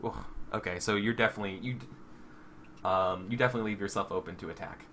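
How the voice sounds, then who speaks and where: A man's voice: on the low side, fairly even intonation, quick pace, pushed and bright, slight background noise. A man running a tabletop game as game master, narrating with lots of fillers and restarts. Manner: hesitant, full of fillers and restarts.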